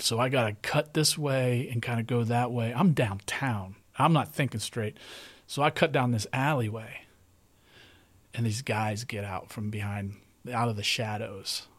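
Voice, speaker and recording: A middle-aged man hosting a podcast, telling a long personal story in casual, rambling talk and often repeating himself. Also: mid-range voice. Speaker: podcast host.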